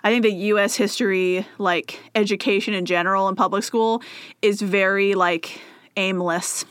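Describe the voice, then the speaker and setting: A woman's voice: medium pitch, fairly even intonation, moderate pace, fairly bright tone, clean tone, no echo, studio quality. A woman co-hosting a podcast, chatting casually, laughing often and reading listener mail aloud. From United States. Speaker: podcast co-host.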